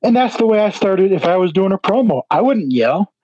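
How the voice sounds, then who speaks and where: A man with a slightly higher pitch talks as a guest in a casual interview, wandering through his points with constant "you know" fillers. He is from New Jersey and works as an independent wrestler. The recording sounds dull and lo-fi, dry and close. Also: sing-song, brisk, darkish tone, dry recording. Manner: rambling, heavy use of "you know" fillers.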